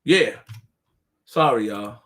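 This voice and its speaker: A young man rants casually to his live-stream audience, full of street slang and repetition, shifting between quiet, low remarks and loud outbursts. He is expressive and takes it slowly.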